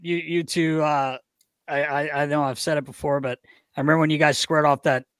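Brisk, upbeat man on a dry mic. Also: fairly high pitch, dry recording. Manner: teasing, animated, repeats words. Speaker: podcast co-host. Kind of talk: casual hockey chat.

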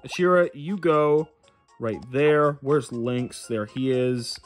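A young man plays a life sim game on his own channel, offering goofy, rambling, self-mocking commentary in a casual way. His voice is mid-range and unhurried, with faint music in the background.

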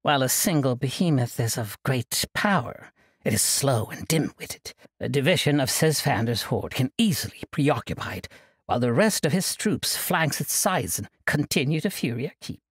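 A man's voice: mid-range voice, lively intonation, moderate pace, a bit bright, husky, dry recording, studio quality. A man voicing a sly, scornful female assassin in an audiobook, with a taunting, mocking manner.

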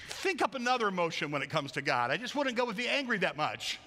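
A man's voice: sits high, big pitch swings, fast talker, hardly any pauses, bright, forceful tone. A man preaching a sermon as pastor in a church, conversational and wry with playful asides. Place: church sanctuary. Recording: long church hall reverb.

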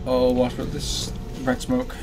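A man's voice: medium pitch, completely flat delivery, measured pace, music in the background. A young man commentating a horror game as he plays, swearing often and yelping when startled. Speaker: gaming channel host.

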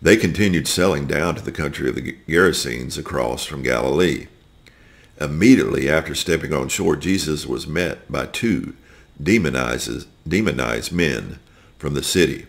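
Male scripture reader, deep bass with gravel, steady deliberate reading. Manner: slow, deliberate reading with small slips. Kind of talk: reading aloud a scripture story.

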